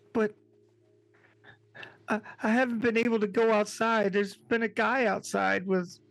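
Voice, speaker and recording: A high, shaky young boy pleads through his distress, as a game master puts him on. He sounds lost and upset, set in a tabletop horror game. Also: dry recording. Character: upset young boy crying over a loss.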